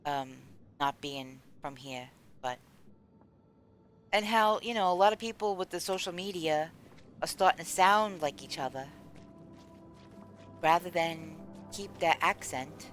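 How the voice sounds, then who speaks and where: Woman streamer from the US, lower voice, rambling casual chat over faint game music. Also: unhurried, long pauses. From United States. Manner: rambling, chatty, answers chat aloud. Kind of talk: casual chat while gaming.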